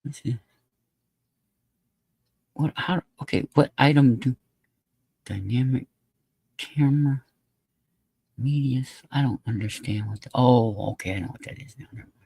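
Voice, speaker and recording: Male livestream host, mellow, dry close sound, blunt and profane, loose rambling chat. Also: mid-range voice, a little slow, gravelly, pauses often, breathy edge, dry recording.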